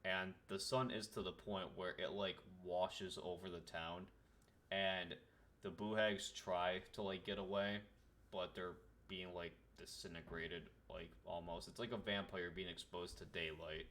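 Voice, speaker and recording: A man's voice: deep voice, flat delivery, measured pace, fairly bright tone, slight background noise. A man narrating as game master of a tabletop game on a voice call, loose and full of fillers.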